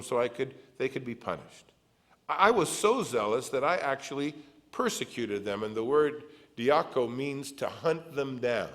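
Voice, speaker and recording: A middle-aged male pastor preaching a sermon, reading scripture aloud and adding earnest, conversational asides. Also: mid-range voice.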